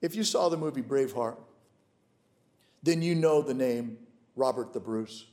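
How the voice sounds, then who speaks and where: A man preaching a sermon as a pastor, swinging from loud, emphatic declarations to hushed, intimate storytelling. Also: mid-range voice, normal speed.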